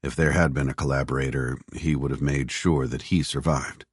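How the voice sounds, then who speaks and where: Very deep-voiced man narrating. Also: steady tone, normal speed, husky, dry recording, clean studio sound. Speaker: audiobook narrator. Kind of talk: scripted narration.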